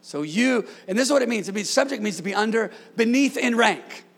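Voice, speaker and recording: Male preacher, fired-up sermon delivery, high voice with a gravelly edge, jokes with the room. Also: brisk. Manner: excitable, shouts commands, jokes with congregation. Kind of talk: energetic sermon.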